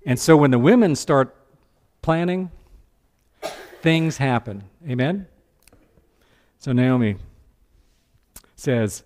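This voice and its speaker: A man preaching a sermon as pastor, animated, breaking into character voices. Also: medium pitch, slow pace, long pauses.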